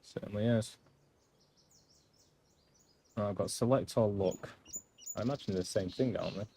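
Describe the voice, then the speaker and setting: A man's voice: lowish voice, normal speed, vocal fry, dark tone, slight background noise. A man, not American, chatting casually while playing through a game live. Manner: chatty, offhand, rambling. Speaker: gamer streamer. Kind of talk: casual gameplay commentary.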